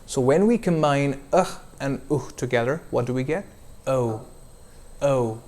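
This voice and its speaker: A man coaching pronunciation in a one-on-one lesson, slowly modelling and drawing out vowel sounds. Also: mid-range voice, lively intonation, a little mellow. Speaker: accent coach.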